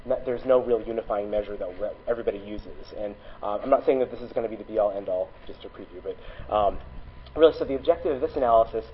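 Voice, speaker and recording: A man's voice: on the low side, fast. A man with a nasal voice presenting research at a conference, talking with lots of ums, uhs and restarts. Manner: hesitant, many ums and restarts. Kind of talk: academic conference talk. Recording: dull lo-fi sound with faint noise.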